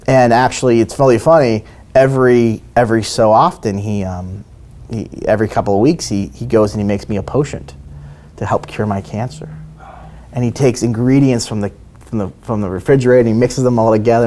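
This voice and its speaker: Man, trial lawyer, interview storytelling, medium pitch, acts out quotes, frequent restarts. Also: steady tone, a little fast, darkish tone, a little hiss or hum.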